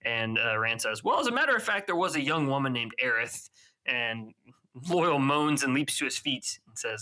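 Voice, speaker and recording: A man co-hosting a podcast, casually recapping a book and tossing in quick character voices as he retells scenes. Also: medium pitch, lively intonation, sharp tone, low-quality recording. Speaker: podcast co-host.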